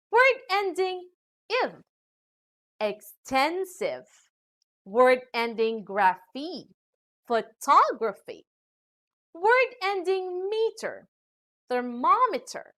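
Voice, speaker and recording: A woman teacher talks through an English lesson in a rather high voice that swings widely in pitch. She takes her time and sets each example word apart with clear stress. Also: fairly bright tone.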